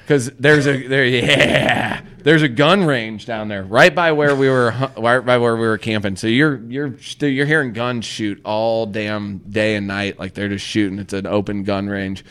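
A podcast host from Missouri tells a rambling camping story in casual, profane, animated chat, acting out his own lines in quotes. His voice is clear and resonant at medium pitch, with a measured pace and few pauses.

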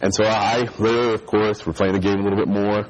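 A man's voice: lowish voice, a little fast, poor audio. A man preaching a sermon and telling a childhood story, acting out the voices of the people in it. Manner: animated storyteller who acts out voices.

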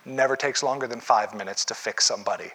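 A brusque, impatient therapist, put on by a preacher mid-sermon, with a bright, sharp edge to every curt command. He has no patience for explanations and barks his orders. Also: medium pitch, fast, breathy edge, voice pushed down. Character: blunt impatient male therapist.

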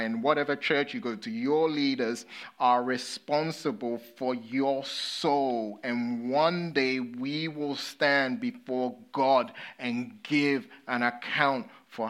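A man from England with an English accent, a pastor delivering a sermon. He tells stories with energy, then drops to hushed, sober emphasis. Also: mid-range voice. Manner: storytelling, swinging between lively and hushed, sober.

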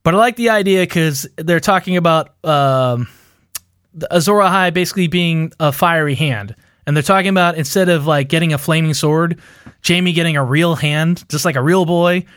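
A man's voice: fairly high pitch, moderate pace, a bit bright, dry recording, studio quality. A man co-hosting a casual chat, rambling through a theory with lots of fillers and self-mocking laughs. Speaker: podcast co-host.

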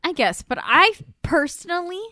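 A young woman co-hosting a podcast, recapping a TV show in casual chat, animated and swearing freely with exasperated asides. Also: extremely high pitch, normal speed, no echo, studio quality. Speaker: podcast co-host.

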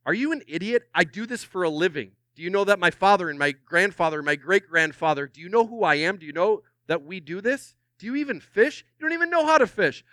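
An indignant, proud fisherman scoffs in loud, incredulous disbelief, as a preacher puts him on. The voice leaps high and sharp, bright and forceful, with racing bursts. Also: animated, fast talker, hardly any pauses, no room sound, studio quality. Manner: scornful, incredulous shouting.

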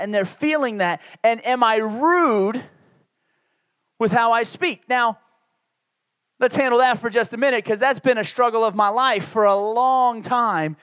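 A man in his forties from the Northeastern United States preaches in a loose, conversational way, poking fun at himself as he goes. His voice sits fairly high for a man. The sound is dry and close, with no room echo. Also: a bit bright, smooth. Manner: candid, conversational preaching with self-deprecating asides. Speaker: pastor. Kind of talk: sermon.

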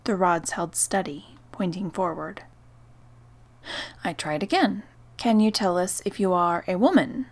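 Slow, soft-spoken woman narrating a story. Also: on the low side. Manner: slow, soft, partly whispered. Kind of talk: first-person story narration.

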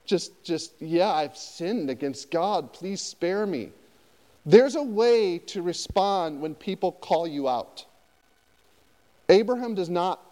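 A man pastor preaching a conversational sermon, often turning to his listeners with quick questions. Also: high-pitched, long reverb tail. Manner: conversational, animated, asks the audience often.

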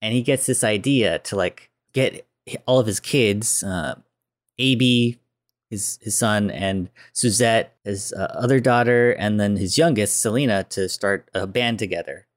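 A man with a lowish voice talks through a movie's story in a loose, easygoing podcast chat. He fills the gaps with "like" and "uh" as he goes. The sound is dry and close, with no room around it. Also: measured pace, no room sound. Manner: relaxed, chatty retelling with filler words. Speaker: podcast co-host. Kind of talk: casual film recap chat.

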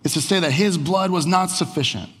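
A male pastor preaching in a loose, conversational storytelling style with a slightly high voice. The sermon carries through a church sanctuary with a long, lingering reverb. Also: fairly quick, a bit bright, slightly rough. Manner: conversational storytelling, frequent "like" fillers.

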